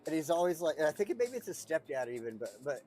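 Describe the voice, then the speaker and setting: With a fast, sing-song delivery on the higher side and a darkish tone, an American man chats while streaming a city-building game. He wanders off topic, swears freely and chuckles frequently, with soft music underneath.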